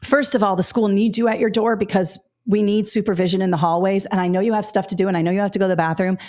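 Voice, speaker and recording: A woman's voice: medium pitch, steady tone, quick pace, a little mellow. A middle-aged woman hosting a live teaching webinar, talking directly and casually with frequent fillers. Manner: chatty, direct, many fillers and asides. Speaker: education webinar host.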